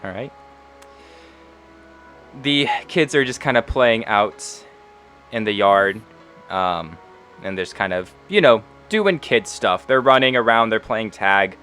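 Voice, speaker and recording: A man narrating a tabletop role-playing game as game master, relaxed with frequent fillers. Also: fairly low pitch, takes it slowly, long pauses, faint music behind.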